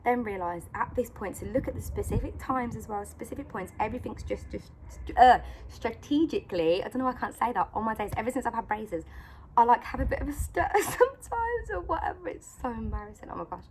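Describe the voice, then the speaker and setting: A woman's voice: a little high, animated, fast talker, a little hiss or hum. A woman telling a story to her phone camera, chatty and full of "like" and "you know", acting out the other people in it. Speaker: vlogger sharing encouragement. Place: outdoors in sunlight. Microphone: phone camera at arm's length.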